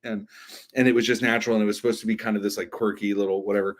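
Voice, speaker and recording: Excitable podcast guest. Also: male voice, racing. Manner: enthusiastic storyteller, says "like" and "man" often, pitch jumps when excited. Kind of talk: casual podcast chat.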